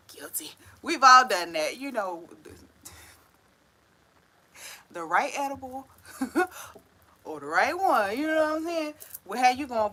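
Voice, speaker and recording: A woman's voice: high-pitched, big pitch swings, slow, pauses often, bright, forceful tone, rough recording. A woman giving a casual tarot reading, talking in a chatty, slangy way full of "right?" tag questions and frequent laughs. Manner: laughs often while telling stories. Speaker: tarot reader.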